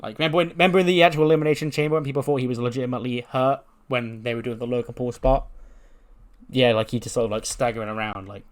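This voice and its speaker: Talking very fast with a steady tone at medium pitch, a man who hosts a game channel gives a loose recap of a wrestling sim game. It's casual let's-play commentary, heavy on fillers and profanity.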